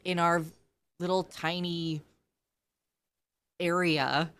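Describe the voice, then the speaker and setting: A woman's voice: fairly low pitch, fairly even intonation, extremely slow, fairly bright tone, dry recording. A woman, the streamer's partner, chatting casually and earnestly with viewers. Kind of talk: casual livestream chat.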